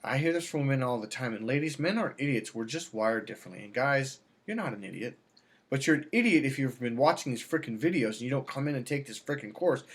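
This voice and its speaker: A man's voice: medium pitch, lively intonation, quick pace. Rambling, salesy male dating coach. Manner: rambling, salesy, repeats himself. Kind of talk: casual self-filmed vlog.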